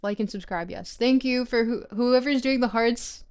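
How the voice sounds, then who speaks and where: A woman's voice: a little high, moderate pace, darkish tone, clear, resonant tone. A French-native woman reading a philosophy book aloud on a live stream, stopping often to restart words and check how names are pronounced.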